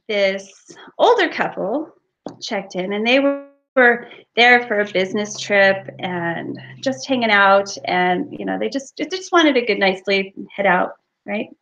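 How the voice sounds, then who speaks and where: A woman's voice: mid-range voice, a bit bright. A woman hosting a casual craft livestream, chatty and giggly as she talks and demonstrates. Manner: chatty, giggly, loose storytelling. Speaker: livestream host and soap maker. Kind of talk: casual live chat and craft demo. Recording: dull lo-fi livestream audio.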